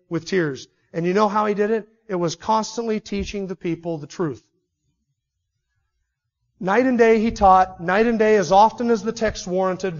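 Earnest high-voiced male pastor preaching. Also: darkish tone, dull audio. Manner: earnest preaching, swelling to emphatic declarations. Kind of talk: expository sermon. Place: church sanctuary.

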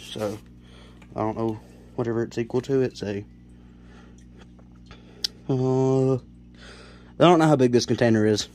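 A man's voice: mid-range voice, unhurried, long pauses, warm tone, slight background noise. Young man from South Carolina, casual reptile-keeper vlogger, rambling delivery, slightly winded. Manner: rambling, self-correcting, lots of fillers. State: slightly out of breath. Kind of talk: casual home-build tutorial. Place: cluttered bedroom at home.

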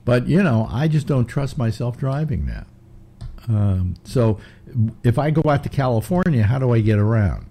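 A man's voice: mid-range voice, very animated, normal speed, creaky, warm tone. Older man rambling through stories. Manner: rambling, storytelling with many restarts. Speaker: host. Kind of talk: casual chat.

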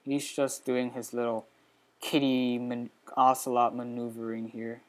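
In no hurry, a let's play host sits at his computer giving relaxed yet excitable commentary on the game. He's chatty, and his voice suddenly jumps into high squeals at times.

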